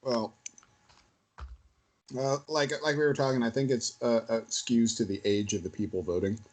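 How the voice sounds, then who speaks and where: A man hosting a gaming podcast, chatting casually and telling lively stories with acted-out quotes. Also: medium pitch, moderate pace. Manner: animated storyteller, acts out quotes. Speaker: podcast host. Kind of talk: casual chat.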